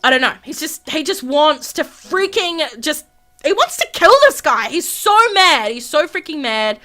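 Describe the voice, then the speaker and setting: A woman's voice: high-pitched, very animated, unhurried, bright, forceful tone. A young woman hosting a gaming video, narrating a life-sim game with dramatic gasps and a lot of repetition. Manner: dramatic, gasping, repeats herself, acts out characters' quarrels. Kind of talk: excited let's-play commentary.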